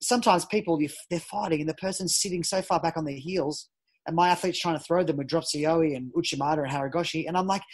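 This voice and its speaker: A fast-talking man with a slightly high, breathy voice is heard on low-quality audio. The judo coach and ex-Olympian, a parent at home, guests on a podcast and tells energetic stories, restarting often.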